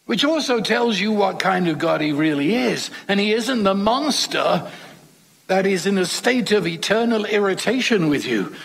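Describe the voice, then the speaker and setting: A man's voice: high-pitched, gravelly, fairly bright tone, slightly rough. A man preaching a sermon in a conversational, emphatic way, with rhetorical questions to the congregation. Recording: long hall reverb.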